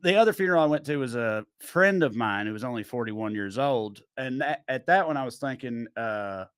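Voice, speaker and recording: A man's voice: mid-range voice, animated, fairly quick, smooth, dry recording. Rambling man, dry studio voice. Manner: rambling, full of fillers, drops quiet mid-story. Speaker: podcast host. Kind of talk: casual chat, storytelling.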